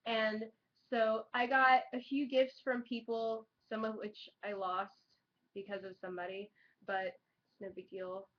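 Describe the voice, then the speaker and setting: Young woman, casual vlogger, chatty and excitable, higher voice, muffled lo-fi webcam sound. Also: measured pace. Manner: chatty, excitable, heavy use of "like" and swearing. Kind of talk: casual chat to camera. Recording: dull lo-fi webcam audio.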